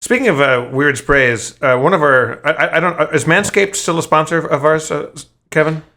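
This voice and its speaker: A man co-hosting a podcast, telling stories in casual chat, profane and animated, stumbling over his restarts. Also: fairly high pitch, normal speed. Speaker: podcast co-host.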